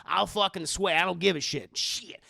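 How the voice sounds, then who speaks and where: A man voicing a cranky, foul-mouthed old man who shouts gruff, blunt complaints. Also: high voice, moderate pace, no room sound, clean studio sound, heavily acted. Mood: grouchy.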